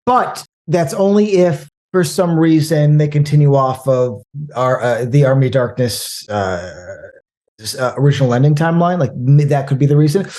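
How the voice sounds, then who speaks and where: A man talking casually about movies, rambling and animated, with frequent restarts. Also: a little high, moderate pace. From American Midwest. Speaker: podcast guest.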